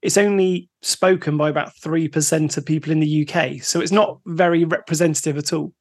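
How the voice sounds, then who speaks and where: A man's voice: fairly high pitch, fairly even intonation, fairly quick. A man co-hosting a podcast, chatting casually, steering the talk and asking the questions. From United Kingdom. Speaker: podcast co-host.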